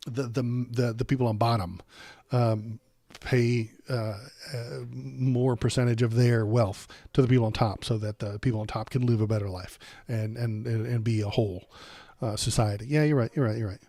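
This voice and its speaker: A man hosts a political livestream, talking bluntly and sarcastically with plenty of swearing. His voice is dark and mellow, and his throat is sore from a cold. The sound is dry and close, with little room around it. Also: mid-range voice, steady tone, normal speed, no room sound. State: coming down with a cold, throat bothering him. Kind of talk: ranting political commentary.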